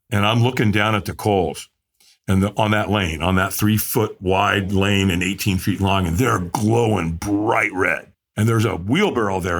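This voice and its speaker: A male guest tells a personal story in a vivid, animated way, acting out the other people in it. His voice has a husky edge. His pitch rises and falls widely as he builds the tension. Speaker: podcast guest.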